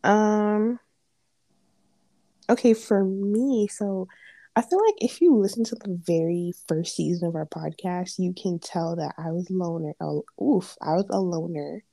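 Mellow young woman, podcast co-host. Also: on the low side, creaky, dry recording. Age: young adult. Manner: chatty and playful, with quick asides. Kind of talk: casual chat.

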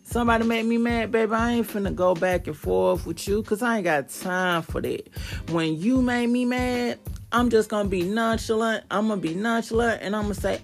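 A woman hosting a podcast in a chatty, casual monologue with emphatic, animated bursts. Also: on the low side. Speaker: podcast host.

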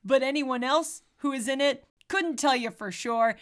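A woman's voice: high-pitched, moderate pace. A woman co-hosting a casual movie podcast, talking candidly and swearing freely. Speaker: podcast co-host.

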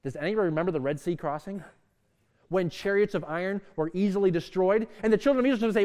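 A man preaching a sermon to young people, impassioned and rising to loud, emphatic peaks, often stammering and restarting mid-sentence. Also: high-pitched, lively intonation, fast.

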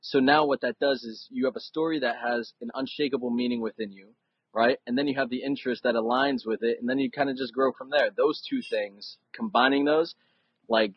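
A man's voice: mid-range voice, steady tone, brisk, husky, no echo, dull audio. A man on a podcast, telling a personal story in an earnest, conversational way that builds suspense. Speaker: podcast guest.

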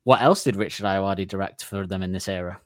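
A man's voice: low-pitched, fairly quick, a bit bright, dry recording, studio quality. A man hosting a casual podcast quiz, teasing the players and laughing as he reads out questions.

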